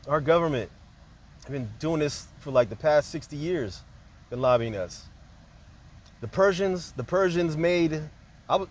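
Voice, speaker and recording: A man talking in a loose, rambling monologue, jumping from point to point and peppering his speech with casual fillers. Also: a little high.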